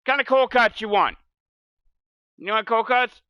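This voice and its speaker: A man putting on a pushy New Jersey deli customer, loud and insistent, repeating himself. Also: very high voice, moderate pace, clean tone, no room sound, dull audio, voice pushed up.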